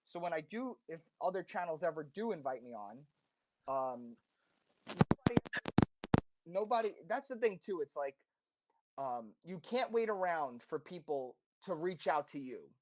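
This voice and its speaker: Speaking a little slowly, a slightly accented podcast guest offers fervent, wandering advice in a casual interview. His voice sits on the high side and is very animated, broken up by many restarts and self-corrections.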